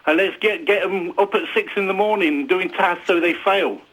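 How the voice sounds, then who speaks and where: A man's voice: sits high, normal speed, crowd noise. A man calling in to a phone-in show, blunt and insistent. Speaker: caller. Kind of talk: phone-in call. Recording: phone line.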